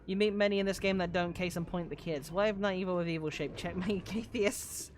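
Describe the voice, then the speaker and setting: A woman streaming a video game live, chatting casually, swearing often and breaking into loud outbursts. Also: fairly low pitch, steady tone, fairly quick, noisy background. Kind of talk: casual live gameplay commentary.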